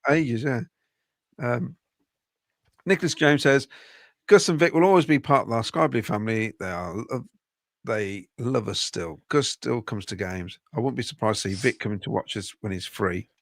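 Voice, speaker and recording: Gravelly Coventry man reading comments. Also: mid-range voice, moderate pace, dry recording, clean studio sound. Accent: Coventry English. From Midlands, England. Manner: reads viewer comments aloud, chatty asides. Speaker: podcast co-host reading comments. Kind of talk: casual fan podcast chat.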